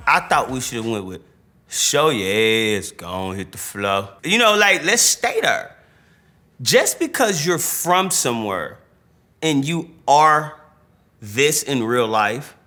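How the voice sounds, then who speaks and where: Animated slangy man storytelling. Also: medium pitch. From St. Louis, USA. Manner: animated, slangy, acts out dialogue. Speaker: rapper interviewee. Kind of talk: storytelling interview.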